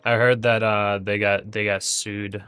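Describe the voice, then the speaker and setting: A man's voice: fairly low pitch, level tone, a little slow, fairly bright tone, clean tone. A man hosting a live day trading stream, chatting casually and thinking aloud with fillers and restarts. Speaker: day trading livestream host.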